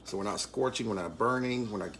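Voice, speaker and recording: A man leading a live online cooking class, calmly explaining each step. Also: on the low side, fast, vocal fry. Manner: calm step-by-step instruction.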